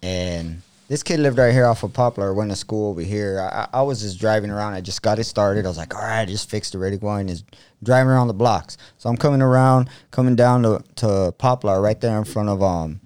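A man's voice: on the low side, fairly quick, a little mellow, clear, resonant tone, dry recording. A young man telling a story in a casual chat with friends, slangy and profane, laughing often.

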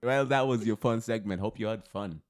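A man's voice: lowish voice, moderate pace. A man hosting a casual podcast, playful and giggly in loose banter. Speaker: podcast host. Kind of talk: casual chat.

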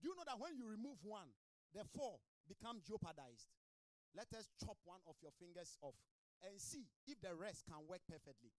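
A man's voice: high-pitched, big pitch swings, moderate pace, darkish tone, no room sound. A man pastor preaching a fervent sermon in a small church, calling out to members of his congregation by name.

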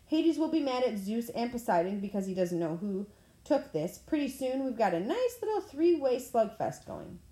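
A woman's voice: on the high side, sing-song, moderate pace, mellow, voice pushed up. A woman reading aloud, voicing a brash, mocking male war god in a roomy-sounding recording. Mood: taunting. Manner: swaggering, taunting. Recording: roomy echo.

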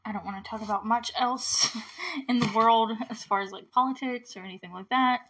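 A woman's voice: on the high side, fairly bright tone, low-quality recording. Giggly chatty woman podcaster. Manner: giggly, chatty, retells scenes with quick quotes. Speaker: podcast host. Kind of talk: casual recap chat.

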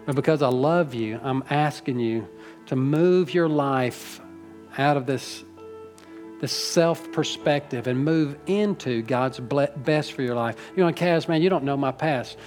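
A man's voice: mid-range voice, measured pace, a little mellow, faint music behind. A middle-aged man preaching a sermon to his church, folksy and rambling, teasing the congregation and getting emotional. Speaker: pastor. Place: church sanctuary.

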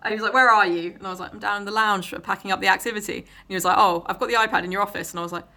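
A woman telling a rambling story in casual chat, full of fillers and quoted lines. Her voice is bright and tense. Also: medium pitch, little pitch movement, racing, gravelly. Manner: rambling anecdotes with lots of fillers and laughter. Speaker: podcast co-host.

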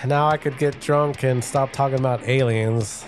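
A man's voice: medium pitch, steady tone, normal speed, music in the background. A man co-hosting a podcast in casual banter, rambling and swearing freely while drinking. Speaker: podcast co-host.

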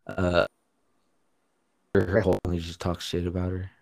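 Casual co-host, male, lowish voice, loose slangy talk. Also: flat delivery, normal speed, gravelly, a little mellow. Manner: loose, slangy, filler-heavy, laughs easily. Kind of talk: casual chat.

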